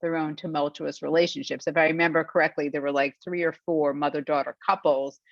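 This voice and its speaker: A woman with a fairly low voice interviews a fellow author. She asks chatty questions and often restarts her sentences. Her audio sounds muffled and dry, with no room echo. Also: flat delivery, fairly quick, creaky. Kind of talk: conversational interview over video.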